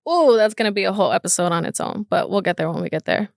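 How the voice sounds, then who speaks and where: A woman's voice: mid-range voice, expressive, fast, creaky, no echo, studio quality. A young woman hosting her first solo podcast episode, talking candidly and nervously, emotional and swearing freely. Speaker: podcast host. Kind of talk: casual solo podcast monologue.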